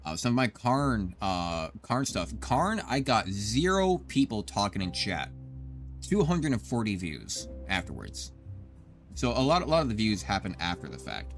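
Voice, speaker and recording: Rambling low-voiced male gamer. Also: big pitch swings, measured pace. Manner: rambling, swears often, talks to chat. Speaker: streamer. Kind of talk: casual gameplay commentary. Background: background music.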